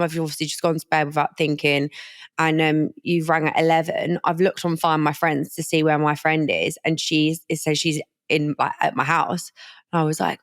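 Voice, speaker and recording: A young woman co-hosting a podcast, chatting casually and giggling between stories. Her voice sits on the low side for a woman, and the recording is dry and close with almost no room sound. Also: fairly even intonation, normal speed, dry recording. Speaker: podcast co-host. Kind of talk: casual chat.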